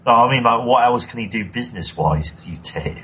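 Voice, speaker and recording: A man's voice: medium pitch, animated, a little fast, pushed and bright, a little hiss or hum, rough recording. A man co-hosting a casual chat show, arguing his points in a dry, matter-of-fact way. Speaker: podcast co-host.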